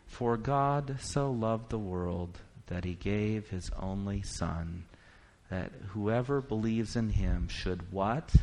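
A man preaches a sermon, shifting from quiet, reflective musing to rising, emphatic declaration. He reads scripture aloud in quick bursts, and his voice sits on the low side.

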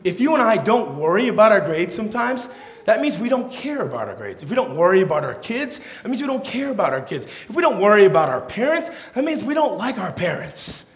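Animated young preacher in an echoey hall. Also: male voice, high-pitched, fairly quick. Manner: animated, playful, acts out quotes with voices. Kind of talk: sermon. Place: hall or church with an audience.

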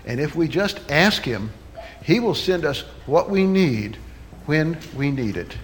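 A man telling a children's story in a church sermon, with animated, dramatic storytelling before closing in prayer. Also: a little high, measured pace, slight background noise.

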